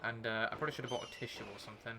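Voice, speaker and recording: Background noise accompanies this young adult man as he streams a game, his lowish, steady voice going rapid-fire. Chatty and rambling, he talks to his viewers and the game character, sniffly from a runny nose.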